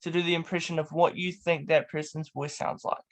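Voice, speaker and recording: A man's voice: on the high side, level tone, a little fast, vocal fry. Young kiwi guy hosting an interview, playful, laughs a lot. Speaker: host. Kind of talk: casual chat.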